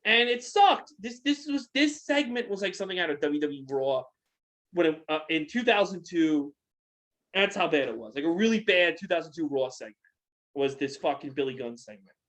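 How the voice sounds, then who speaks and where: A man's voice: on the high side, expressive, moderate pace, fairly bright tone. Man ranting angrily, swearing hard. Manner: angry, profane ranting with repeated questions. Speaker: podcast co-host. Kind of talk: casual ranting chat.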